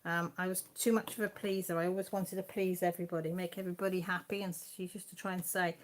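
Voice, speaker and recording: A woman with an English accent hosting a casual live chat from home, rambling and quick to laugh. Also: lowish voice, flat delivery. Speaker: craft channel host.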